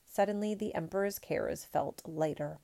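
A woman reading a picture book aloud in a measured, expressive storytelling manner. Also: sits low, creaky.

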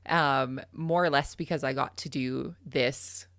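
Young canadian woman telling a farm story, low gravelly voice, laughs a lot. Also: measured pace, no echo, clean studio sound. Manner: laughs often, animated storytelling. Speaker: podcast host, guest. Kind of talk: casual storytelling chat.

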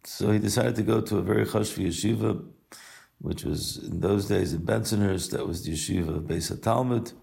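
Older male rabbi, deep gravelly voice, unhurried storytelling message. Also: darkish tone. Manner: unhurried, weaves Hebrew and Yiddish terms into English. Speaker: rabbi and yeshiva teacher. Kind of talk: recorded personal message and story.

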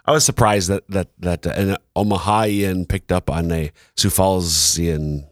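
A middle-aged man co-hosting a podcast in casual chat, playful, laughing often and pausing on fillers. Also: low voice, fairly even intonation, no echo, studio quality. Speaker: podcast co-host.

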